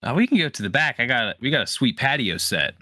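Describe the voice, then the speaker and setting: A man playing a character in a tabletop game, casual, easygoing and halting. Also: mid-range voice, big pitch swings, bright, forceful tone, no room sound, clean studio sound. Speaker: player.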